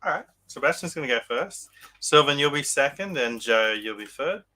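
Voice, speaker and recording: Man, bright tone, upbeat, podcast host, explaining quiz rules. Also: mid-range voice, expressive, normal speed, poor audio.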